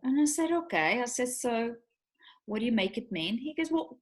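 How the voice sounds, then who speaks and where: A woman's voice: a little high, lively intonation, moderate pace. A woman in her forties, co-hosting a casual chat and telling a long personal story with many fillers and restarts. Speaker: co-host.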